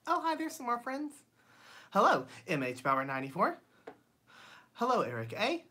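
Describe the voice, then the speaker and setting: A woman's voice: on the high side, huge pitch swings, normal speed. A woman hosting a livestream from her home studio, greeting viewers by name in a chatty way with lots of ums. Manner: chatty, reads viewer comments aloud; frequent ums and bright laughs. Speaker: channel host. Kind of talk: casual livestream chat.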